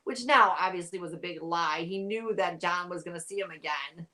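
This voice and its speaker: A woman's voice: lowish voice, normal speed, sharp tone. A tired woman guest in a casual chat, rambling and saying "like" a lot. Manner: rambling, heavy use of "like". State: tired, yawning. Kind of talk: casual chat about a TV show.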